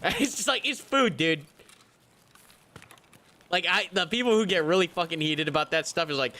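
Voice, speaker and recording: A young man streaming a game, chatting casually in a rambling, profane, animated way. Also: sits high, normal speed, pauses often. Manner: rambling, profane, animated rants with mocking impressions. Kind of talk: casual live-stream chat while gaming.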